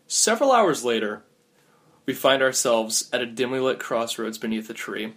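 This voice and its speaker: A man's voice: medium pitch, very animated, normal speed, a bit bright. Giggly man telling a comic story. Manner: laughs often while narrating.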